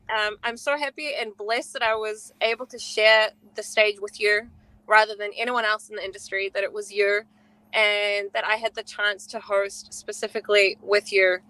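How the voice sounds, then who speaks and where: Effusive woman co-host, bright voice. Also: mid-range voice, flat delivery, moderate pace, no echo, rough recording. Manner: effusive and gushing, with many fillers. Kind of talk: casual podcast chat.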